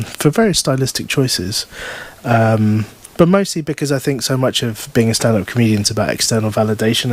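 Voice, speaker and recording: A man, an author, talking casually at a bookshop event and reading from his novel, with many fillers and restarts. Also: mid-range voice. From United Kingdom.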